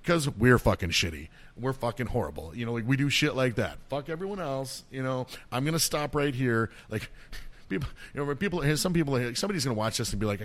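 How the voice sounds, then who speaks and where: A man's voice: mid-range voice, expressive, fast talker. Middle-aged man ranting with heavy swearing. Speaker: podcast co-host. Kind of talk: casual chat.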